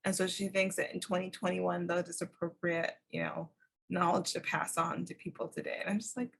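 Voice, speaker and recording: A woman hosting a podcast in casual chat, lively and laughing often, with many fillers. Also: on the low side, fairly quick, vocal fry, husky. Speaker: podcast host.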